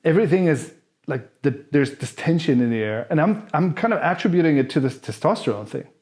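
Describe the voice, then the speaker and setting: A man's voice: on the high side, expressive, a little fast, a little mellow. A man telling a personal story in casual, candid speech, freely swearing and acting out the people he describes. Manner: candid, profane, acts out the people in his story. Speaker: vlogger answering viewer questions.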